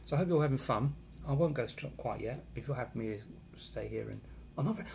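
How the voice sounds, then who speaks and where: A man talks casually on a live stream from a hotel room. He rambles and reacts to viewers' comments as he goes. His voice is mid-pitched with a gravelly edge, and there is a faint hiss in the background. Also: fast talker, hardly any pauses, darkish tone. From England. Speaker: vlogger reading live comments.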